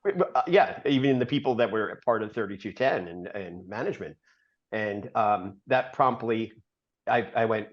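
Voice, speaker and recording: A man's voice: medium pitch, lively intonation, normal speed. Chatty man telling a long story, lo-fi. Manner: rambling, filler-heavy, laughs often mid-story. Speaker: podcast guest. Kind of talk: casual storytelling.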